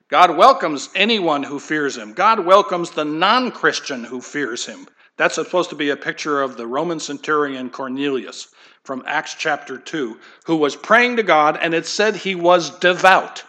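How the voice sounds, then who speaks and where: A man's voice: on the high side, a little slow, bright, forceful tone. A man preaching a sermon as pastor, emphatic and asking rhetorical questions.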